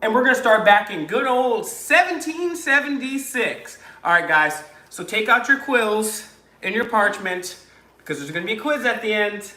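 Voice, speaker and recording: A man's voice: sits high, lively intonation, moderate pace, bright, forceful tone, roomy sound. A man hosting a casual livestream, joking, rambling and crude as he talks to viewers. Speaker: livestream host.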